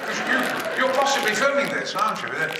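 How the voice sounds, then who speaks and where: An older man telling bawdy anecdotes on stage at a fan convention panel, booming, sweary and theatrical. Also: very animated, fast, background noise. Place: large convention hall. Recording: echoey hall recorded from far off.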